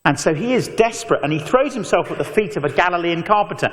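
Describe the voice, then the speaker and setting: A man preaching an animated evangelistic talk, telling stories with mock voices and asides. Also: high voice, fast. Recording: long echo of a large hall.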